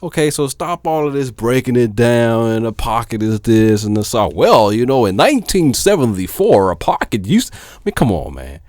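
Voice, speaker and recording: A man, a DJ talking casually to his viewers, filling pauses with "um", then turning animated and emphatic. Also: medium pitch, no echo, clean studio sound. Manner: laid-back with many fillers, then animated and emphatic. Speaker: DJ and vlogger. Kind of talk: casual talk to camera.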